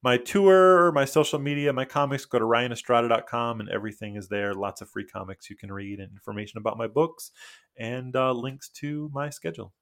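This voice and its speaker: A man's voice: mid-range voice, brisk, fairly bright tone. Rambling man telling stories. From United States. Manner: rambling, self-interrupting, chuckles through anecdotes. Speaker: podcast guest, comic book author. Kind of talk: casual interview storytelling.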